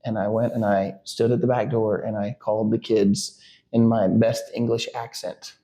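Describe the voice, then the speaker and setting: With a fairly low, dark voice and a flat delivery at moderate pace, a middle-aged podcast co-host tells a story about his family. The father's casual telling wanders, packed with fillers, "likes" and false starts.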